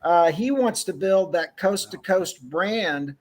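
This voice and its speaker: Texan male guest, slightly high voice, conversational explainer. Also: lively intonation, slow pace. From Texas. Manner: conversational, explains points at length. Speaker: sports media guest. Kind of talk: casual radio roundtable chat.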